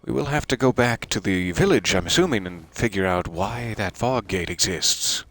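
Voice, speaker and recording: Lively low-voiced man commentating a game. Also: normal speed. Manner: playful and theatrical, chatting to game characters and viewers; self-deprecating asides. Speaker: let's play streamer. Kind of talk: casual gameplay commentary.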